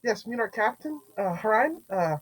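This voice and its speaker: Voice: medium pitch, expressive, normal speed, poor audio. A tabletop game player talking casually and hesitantly, full of fillers and restarts. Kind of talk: casual tabletop role-play.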